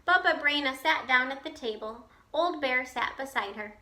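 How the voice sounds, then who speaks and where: A woman teacher reading a children's picture book aloud, slowly and expressively, pausing to explain to her listeners. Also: high-pitched. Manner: slow, expressive storytelling with asides to listeners.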